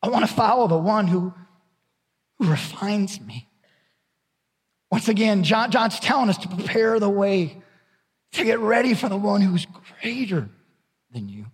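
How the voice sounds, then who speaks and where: A man's voice: sits high, big pitch swings, a little slow, long pauses, breathy edge, big-room sound. A middle-aged man preaching a sermon as pastor, candid and conversational, often repeating his words.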